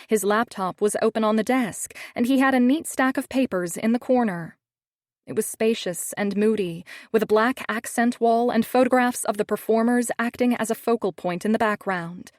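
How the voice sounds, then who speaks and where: A woman's voice: fairly high pitch, moderate pace, darkish tone, no echo. A woman narrating a first-person romance audiobook in a wry, snarky tone, on a studio microphone.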